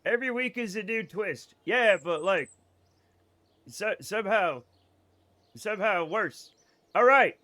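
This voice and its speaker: A man's voice: sits high, bright, forceful tone, no room sound. A man with a faded Boston accent, joking and swearing through casual gameplay commentary on a live stream and laughing often. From Boston area.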